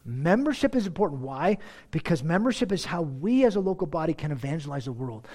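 A man preaching a sermon as pastor, conversational and animated, talking straight to his congregation. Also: a little high, fairly quick. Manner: animated, acts out everyday dialogue in different voices; conversational, addresses the congregation directly.

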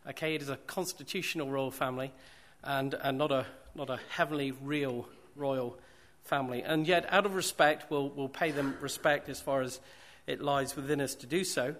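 A man's voice: mid-range voice, moderate pace, fairly bright tone. A man preaching a sermon, repeating phrases for emphasis and posing rhetorical questions to the congregation.

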